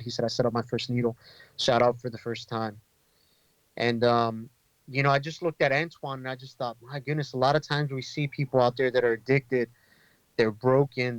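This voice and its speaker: A medium-pitched man who leads an inner-city ministry tells stories as a guest on a podcast, a casual interview setting. He speaks earnestly and conversationally, with many fillers and restarts. The recording is muffled, with no room sound.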